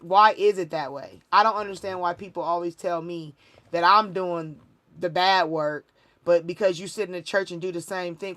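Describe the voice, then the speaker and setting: A woman's voice: fairly low pitch, fairly bright tone. Woman, livestream host, casual talk, emphatic, rambling, preachy. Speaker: spiritual reader and livestream host.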